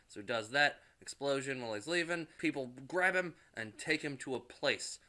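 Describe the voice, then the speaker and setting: Bright-voiced, profane man recapping a movie. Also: mid-range voice, expressive, moderate pace, few pauses. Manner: rambling, profane, with frequent restarts. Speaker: movie reviewer.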